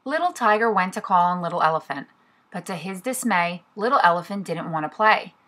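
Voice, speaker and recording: A preschool teacher reads a picture book aloud to young children, expressive and clear. Her voice sits a touch lower than most women's. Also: brisk.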